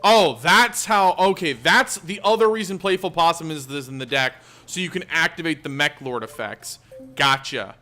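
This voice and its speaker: Bright-voiced man chatting through a game. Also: a little high, normal speed, faint music behind. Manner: chatty, thinks aloud while playing. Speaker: gaming channel host. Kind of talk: casual let's-play commentary.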